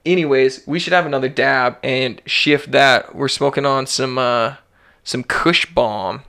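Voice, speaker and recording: A man hosting a relaxed podcast, chatting in an easygoing, slangy way. His voice is bright and forward, with a smooth, crisp clarity. He fills his talk with "like" and casual asides. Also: mid-range voice, a little slow. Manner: laid-back slangy talk with frequent "like". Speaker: podcast host.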